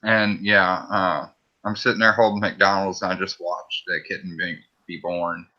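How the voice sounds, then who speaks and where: Deadpan male guest, low pitch, sharp tone, dull lo-fi audio. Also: normal speed. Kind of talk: casual chat on a live stream. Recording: dull lo-fi mic sound.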